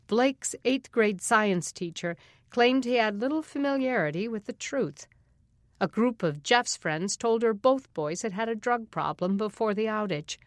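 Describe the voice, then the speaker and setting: Female audiobook narrator, mid-pitched, dry studio read, acts out dialogue. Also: no echo. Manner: voices the characters with raised pitch in dialogue.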